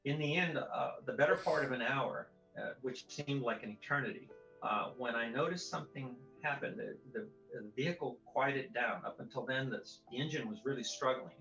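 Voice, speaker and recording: A man recounting a personal experience as a news interview guest, telling it in a measured way with frequent hesitations. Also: mid-range voice, pushed and bright, soft background music. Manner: measured storytelling with many fillers and restarts. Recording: dull, roomy broadcast audio.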